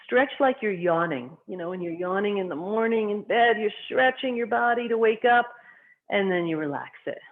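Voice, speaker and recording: A qigong instructor guiding a class through movement and breathing, giving calm, short cues timed to the breath. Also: mid-range voice, moderate pace. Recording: tinny phone-like sound.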